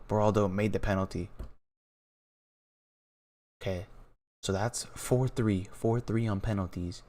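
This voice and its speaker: A young man with a fairly low voice talks through a penalty shootout as a casual live watch-along. He stumbles, repeats words, and swings between hyped shouts and hushed awe. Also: a little slow, pauses often. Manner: excitable, repeats himself, trails off into quiet awe. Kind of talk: casual live reaction commentary.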